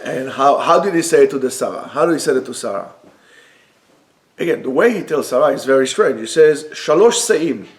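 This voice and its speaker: In a yeshiva study room, a man with a mid-range voice gives a Torah class at a fairly quick pace. Animated, he performs the text's dialogue, weaving in Hebrew quotations and explaining them.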